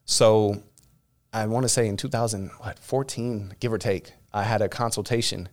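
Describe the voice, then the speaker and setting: A man's voice: on the low side, fairly even intonation. A man in his thirties from California, a guest telling his story candidly in an interview, with many fillers and restarts. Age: 30s. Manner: rapid, frequent "you know" fillers and restarts.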